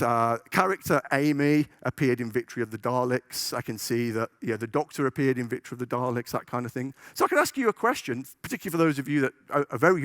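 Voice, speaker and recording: A man's voice: mid-range voice, no room sound, studio quality. A man giving a conference talk, chatty and joking, checking in with the audience. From United Kingdom. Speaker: conference speaker. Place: conference hall stage.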